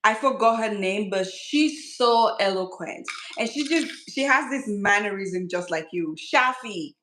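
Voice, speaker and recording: A woman's voice: medium pitch, expressive, unhurried, a bit bright, echoey room, rough recording. A woman hosting a casual skincare channel chat, teasing her friend and laughing often.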